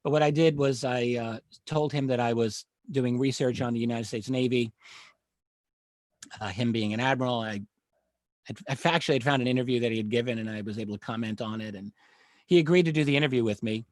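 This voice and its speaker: A middle-aged man, a panel guest, telling a long story in a measured, earnest way and often pausing with uh and um. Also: medium pitch, no echo, studio quality. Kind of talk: live panel discussion, recounting a story.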